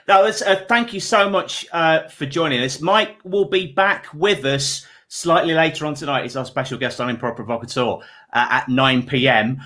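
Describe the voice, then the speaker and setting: A male host of a live stream, wrapping up the interview briskly and announcing what comes next. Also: fairly high pitch, sharp tone.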